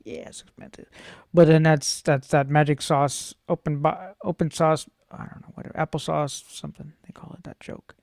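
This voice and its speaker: A man's voice: a little high, fairly even intonation, normal speed, creaky, darkish tone, no echo. A man vlogging casually, playful and jokey, rambling to himself about gear and laughing often, close on a studio microphone.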